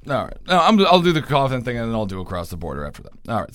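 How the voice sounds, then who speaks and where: A man's voice: medium pitch, wildly swooping pitch, fast talker, hardly any pauses, fairly bright tone, no echo, studio quality. A man co-hosting a comedy podcast, laughing often and stumbling as he reads a scary story aloud, tired after a late night. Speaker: podcast co-host reading stories. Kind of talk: casual comedic chat and story reading.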